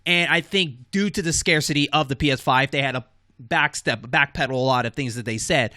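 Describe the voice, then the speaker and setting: A man's voice: mid-range voice, a little fast, sharp tone, no echo, studio quality. A man co-hosting a casual video game news podcast, talking in a loose, rambling way with plenty of fillers. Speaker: podcast co-host. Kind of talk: casual gaming news chat.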